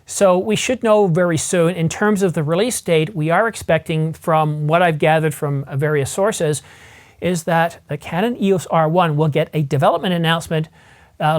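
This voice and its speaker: A camera news vlogger talking in a casual, enthusiastic way, rambling and thinking aloud with frequent self-corrections. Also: medium pitch. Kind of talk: casual vlog commentary.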